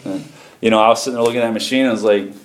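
A pastor with a lowish, fairly even voice races through a sermon testimony at a very fast clip. He speaks from the pulpit in a church sanctuary in a folksy, chatty way, chuckling often, while faint music plays in the echoey room.

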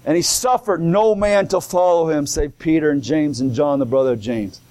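A man with a fairly high, darkish voice preaches a sermon at a moderate pace. He reads old scripture wording, then explains it in plain, colloquial talk, repeating and restarting and calling out praise like "come on now" and "glory".

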